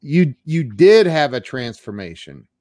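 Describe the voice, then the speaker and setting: A man's voice: on the high side, very animated, measured pace, darkish tone, dry recording, clean studio sound. A man hosting an interview, reacting with amazed short remarks. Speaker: podcast host. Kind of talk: interview conversation.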